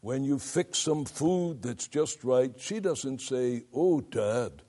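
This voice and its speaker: An older man teaching students of preaching in a deliberate, emphatic lecture, stopping to demonstrate vocal effects himself. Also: mid-range voice, mellow. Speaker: preaching instructor.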